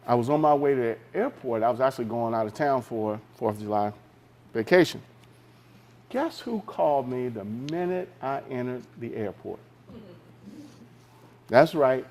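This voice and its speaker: A man giving a keynote speech on a theater stage, telling a personal business story with dramatic pauses and direct questions to the audience. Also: medium pitch, a little mellow. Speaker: executive keynote speaker.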